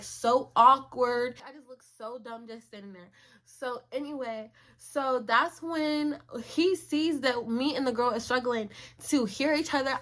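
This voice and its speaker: A young woman vlogging a story in a casual, slangy way, acting out what people said. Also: a little high. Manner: animated, slangy, acts out quotes.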